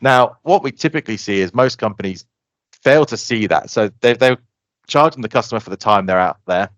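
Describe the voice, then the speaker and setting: Fast-talking man, dry dull sound. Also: fairly low pitch, dry recording. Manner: fast, animated explaining, acts out customer quotes. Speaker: software company guest. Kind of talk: casual podcast interview.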